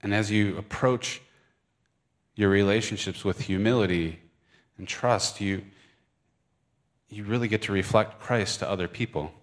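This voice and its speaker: Deep-voiced Michigan preacher. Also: male voice, unhurried, pauses often. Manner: conversational, earnest, with fillers and restarts. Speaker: pastor. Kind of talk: sermon. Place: church service. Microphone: microphone.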